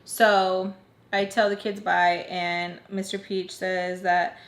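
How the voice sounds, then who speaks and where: A woman's voice: fairly low pitch, flat delivery, takes it slowly. Chatty young woman in a roomy space. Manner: chatty, heavy use of "like", addresses viewers as "you guys". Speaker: storytime vlogger. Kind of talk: casual storytime narration. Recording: roomy echo.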